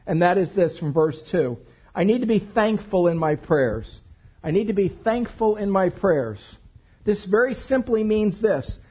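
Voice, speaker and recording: Lively storytelling preacher man. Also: high-pitched, breathy edge, lo-fi sound. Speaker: pastor. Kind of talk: sermon.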